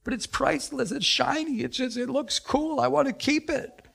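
A man's voice: very high voice, moderate pace, vocal fry, a bit bright, husky, voice pushed up, full character voice. A man voicing a stubborn little child who whines and pleads to keep a shiny treasure. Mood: pleading. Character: clingy little child clutching a toy, whiny.

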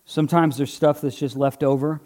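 A male pastor preaches to his congregation in a warm, conversational tone. His voice sits a little higher than most men's. He moves between earnest exhortation and light joking with the people in front of him. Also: fairly even intonation, moderate pace. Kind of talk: sermon with live object lesson. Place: church before a congregation.

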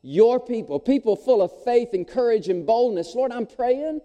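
A man's voice: very high voice, normal speed. A middle-aged man preaching a sermon as a pastor, storytelling and calling out to the congregation. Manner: animated storyteller, audience call-outs. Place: church sanctuary, long reverb. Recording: echoey hall.

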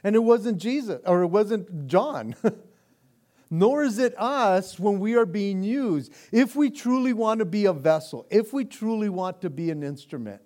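A man preaching a sermon in a casual, animated way, often repeating himself as he restarts sentences and laughing along. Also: sits high, measured pace. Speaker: pastor.

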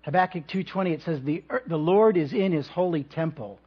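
Guy pastor preaching in church, kinda high voice, a bit husky, measured with some humor, dull lo-fi recording. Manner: measured, with reflective pauses and light humor. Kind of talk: sermon.

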